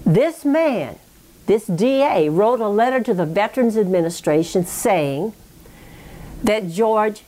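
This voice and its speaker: In an oral history interview, a woman tells a relative's history in a reflective, meandering way, checking in with "you know" and "okay?". Her voice is mid-range, expressive and mellow, and she speaks slowly.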